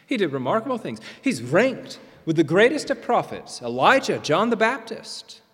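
A man preaching a sermon as pastor, emphatic, with dramatic pauses and swings between loud and soft. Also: high-pitched, big pitch swings, slightly rough. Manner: emphatic, rising and falling delivery with dramatic pauses. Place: church sanctuary. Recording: long reverb of a large hall.

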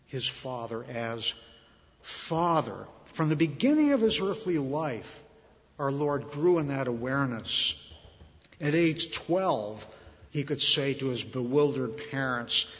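A man preaching a sermon, slow and earnest, rising louder on key phrases and dropping soft at the ends. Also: mid-range voice. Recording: muffled reverberant hall.

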